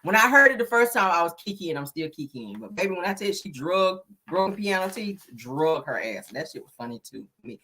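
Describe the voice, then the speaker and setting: A woman hosting a casual gossip commentary show, animated and laughing as she talks. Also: lowish voice, quick pace, hardly any pauses, slightly rough. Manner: animated, laughing, sprinkles "honey" and "child". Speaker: gossip channel host.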